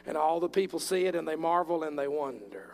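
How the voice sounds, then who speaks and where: Man, preacher, high voice, impassioned sermon delivery. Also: lively intonation, brisk, creaky, darkish tone, soft background music. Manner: impassioned, acts out bible voices.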